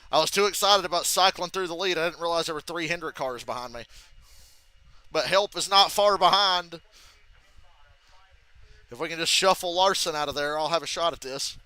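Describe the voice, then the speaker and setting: Bright, excitable young man swearing. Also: a little high, normal speed, pauses often, smooth, no echo. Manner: excitable, swears freely, thinks aloud. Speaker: live-stream host. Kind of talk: live race reaction commentary.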